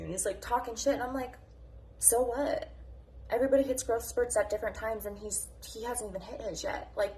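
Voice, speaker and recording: Woman, vlogger, passionate rant, profane, blunt, mid-pitched voice, faint background noise. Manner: passionate, profane, jumps between topics; blunt and combative. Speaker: mom vlogger. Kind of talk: unscripted morning rant.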